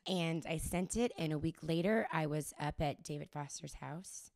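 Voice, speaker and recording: Raspy-voiced young woman telling stories. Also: deep voice, normal speed. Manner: animated storytelling, laughs often. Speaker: guest singer-songwriter. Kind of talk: casual interview chat.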